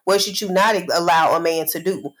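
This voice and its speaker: A woman's voice: on the low side, brisk, rough recording. A woman co-hosting a casual podcast, talking reflectively in long winding sentences full of "you know". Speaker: podcast co-host.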